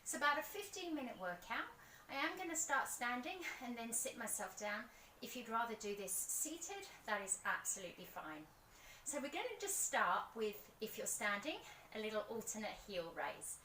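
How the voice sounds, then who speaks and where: A woman guides a pilates workout outdoors, her voice bright and a touch high. She counts reps and offers gentle encouragement. The sound is roomy and distant, with faint ambience behind her. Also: a little hiss or hum. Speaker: pilates instructor.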